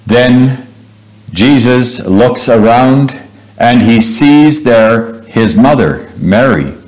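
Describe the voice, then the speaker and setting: A man preaching a sermon, slow and deliberate, pausing often and breaking in with heartfelt exclamations. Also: medium pitch, animated, a little mellow, poor audio.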